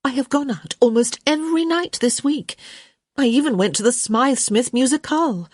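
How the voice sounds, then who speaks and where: A woman's voice: high voice, normal speed, dry recording, voice pushed up. A woman voicing a stubborn young unmarried lady who answers her mother in a dry, teasing way. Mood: protesting.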